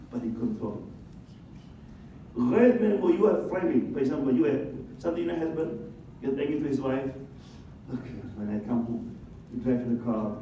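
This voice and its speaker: A man's voice: mid-range voice, dark tone, slight background noise. A man, giving a religious talk as an imam, asking the audience questions and acting out little scenes. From Indonesia. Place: large conference hall. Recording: echoey, dull sound from a distant mic.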